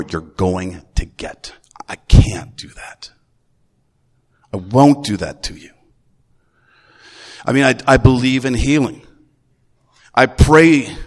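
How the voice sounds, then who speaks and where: A middle-aged man, a grandfather, preaching a Sunday sermon in a relaxed, folksy way, full of restarts. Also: lowish voice. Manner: conversational, folksy, with repeated restarts. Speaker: pastor. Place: church. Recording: long reverb of a church hall.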